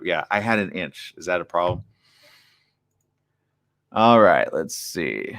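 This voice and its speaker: A man hosting a live morning talk show, riffing excitably and reading viewer comments aloud. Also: low-pitched, takes it slowly, pauses often.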